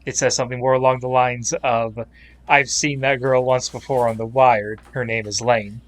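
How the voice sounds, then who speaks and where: A man's voice: medium pitch, flat delivery, moderate pace, dry recording. A man hosting a casual podcast, explaining things with a wry, dry humor. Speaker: podcast host.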